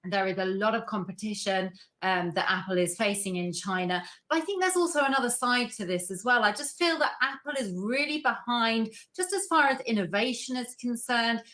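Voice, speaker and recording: Measured British woman market analyst. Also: mid-range voice, bright, forceful tone. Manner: measured, frequent "I think" hedging. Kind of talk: news interview commentary.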